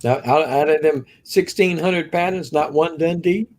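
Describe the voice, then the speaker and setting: A man's voice: a little high, normal speed. A man co-hosting a live stream, chatting easily, laughing often and reading out viewer comments. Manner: easygoing, laughs often, reads chat aloud. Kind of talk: casual chat.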